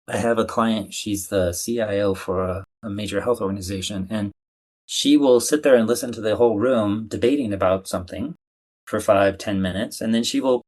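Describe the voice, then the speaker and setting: A low-pitched man, talking through ideas in an animated, conversational manner. He explains things plainly and sometimes acts out what other people say. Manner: animated, playfully acts out quoted voices. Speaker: guest, communication coach. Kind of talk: conversational interview.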